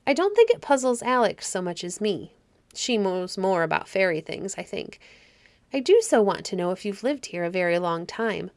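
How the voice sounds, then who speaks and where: A woman's voice: medium pitch, sing-song, moderate pace, a little mellow, no room sound. Woman doing a shy puzzled little boy, hesitant, storybook. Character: thoughtful, hesitant young boy. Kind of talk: storybook reading.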